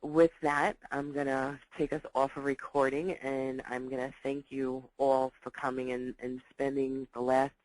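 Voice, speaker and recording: A woman educator giving a recorded teaching talk to parents, repeating key points and acting out dialogues in lively voices. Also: extremely low pitch, measured pace, hardly any pauses, a little hiss or hum, low-quality recording.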